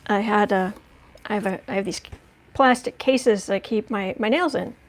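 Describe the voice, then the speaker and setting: A woman's voice: medium pitch, normal speed. A woman hosting a casual livestream tarot reading at home, chatting in a rambling way with many restarts and asides. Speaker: tarot reader and livestream host. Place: at home indoors.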